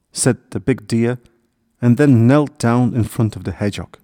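A man calmly narrating a children's storybook in a measured reading. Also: on the low side, no echo, studio quality.

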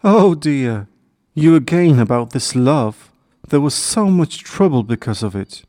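A man's voice: medium pitch, expressive, a little slow, mellow, no room sound, studio quality, pitched above the performer's own voice, natural voice. A man voicing a mother hedgehog in a storybook, anxious and caring, with a fretful, scolding tone. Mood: worried.

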